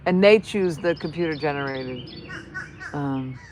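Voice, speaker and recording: A woman's voice: sits low, measured pace, slight background noise. A woman with a New Jersey accent chatting casually on a livestream, rambling and laughing often. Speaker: livestream host. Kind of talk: casual livestream chat with viewers. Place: outdoors with horses.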